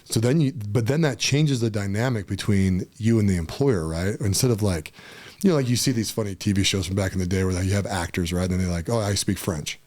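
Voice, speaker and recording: A middle-aged man in a casual podcast conversation, talking emphatically and telling animated stories. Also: on the low side, fairly quick.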